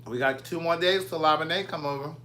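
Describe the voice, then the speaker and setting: A man's voice: a little high, brisk, pushed and bright. A man, chatting casually from his home kitchen as a vlogger, playfully answering viewer comments. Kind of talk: casual live chat with viewers.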